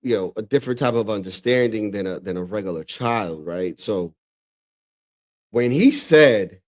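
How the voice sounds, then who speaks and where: A man from the Dominican Republic hosting a casual reaction stream, talking in a loose, profane, excitable way and laughing often. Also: on the low side, moderate pace. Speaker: streamer host reacting to clips.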